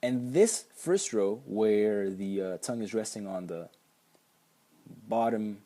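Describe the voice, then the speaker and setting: A man's voice: on the low side, lively intonation, slow pace, mellow. A man teaching pronunciation at a whiteboard, patiently repeating sounds for the learner. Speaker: language teacher.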